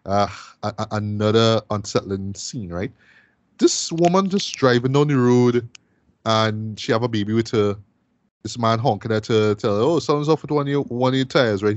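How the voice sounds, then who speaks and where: This is a man hosting a relaxed film review discussion. His voice sits low and sounds dry, with no room around it. He keeps the chat flowing and tags many thoughts with a quick "right?". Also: dry recording. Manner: chatty, ends many phrases with "right?". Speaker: podcast host and film reviewer.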